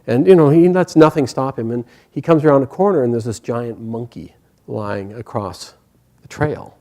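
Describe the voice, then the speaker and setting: A man teaching a spiritual class, telling a story gently and hesitantly with many pauses and fillers. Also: mid-range voice.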